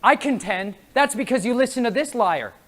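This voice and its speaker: A man giving a lively sermon at a conference, telling stories about his gemstone table and acting out the voices of the people who stop by. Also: very high-pitched, moderate pace, a crowd in the background, noisy background. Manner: animated, acts out voices of people at his table, laughs often. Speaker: conference speaker. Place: conference hall before an audience.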